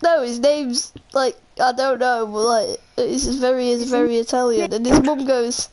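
A woman's voice: fairly high pitch, steady tone, normal speed, a little mellow, a little hiss or hum. A young woman chatting casually as she streams a game, giggling and swearing freely. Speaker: live streamer. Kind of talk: casual gaming stream chat.

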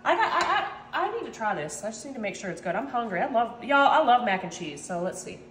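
A chatty woman with a high, bright voice talks her viewers through a recipe in her home kitchen, joking at her own expense. The room gives her voice a noticeable echo, with a light hum of ambience underneath. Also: big pitch swings, fast talker. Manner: chatty, playful, self-mocking, keeps saying y'all. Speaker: cooking vlog host. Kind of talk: casual cooking chat to viewers.

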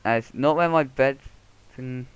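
A man's smooth, mid-range voice comes through a muffled headset with faint noise and a dry sound. Playing a Let's Play, he narrates his gameplay casually, mumbling to himself, swearing, and letting out quick outbursts.

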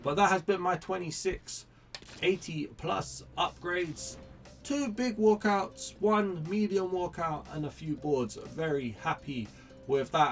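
A man commentating his own video game pack openings, chatty and excitable, greeting each new card like a friend. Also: fairly high pitch, distant mic. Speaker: gaming YouTuber.

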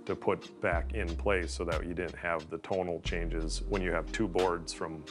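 Very deep, flat-voiced man builder. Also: measured pace, over music. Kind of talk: interview talk.

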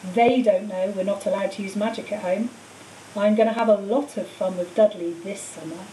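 A woman's voice: medium pitch, fairly even intonation, moderate pace, dark tone, lightly acted. A woman voicing a wry young boy wizard in a storybook reading, in an echoey room. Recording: echoey room, far mic, faint hiss.

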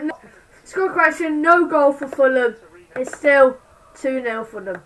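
High-voiced excitable woman fan. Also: distant mic, rough recording. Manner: excitable, swings between shouting and muttering. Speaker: fan streamer. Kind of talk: live fan commentary on a football match.

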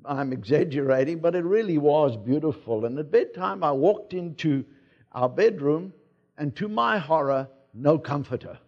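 A man with a South African accent, preaching a sermon as pastor in a relaxed, conversational way, with personal anecdotes. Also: fairly high pitch, moderate pace, dull audio. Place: church sanctuary.

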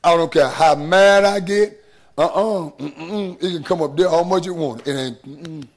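A middle-aged man, preaching a sermon in a church, moving between hushed asides and rising calls to the congregation. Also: a little high, measured pace. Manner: preaching with call-and-response rhythm, shifting between hushed and rising. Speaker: pastor. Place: church sanctuary.

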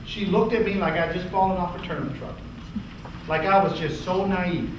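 High, bright-voiced man in an echoey hall. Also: moderate pace, far from the mic, background noise. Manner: animated storyteller, acts out quoted dialogue. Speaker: speaker. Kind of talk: storytelling talk.

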